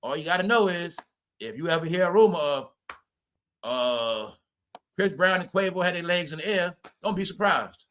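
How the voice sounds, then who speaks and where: A man hosting a profane gossip commentary stream, loud and mocking, repeating phrases and laughing at his own jokes. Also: high voice, lively intonation, moderate pace, a little hiss or hum. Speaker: commentary channel host.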